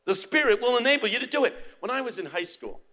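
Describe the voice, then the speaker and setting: High, bright-voiced older male preacher. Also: animated, fast talker. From United States. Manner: emphatic, shifting from quiet storytelling to loud proclaiming. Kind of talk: sermon.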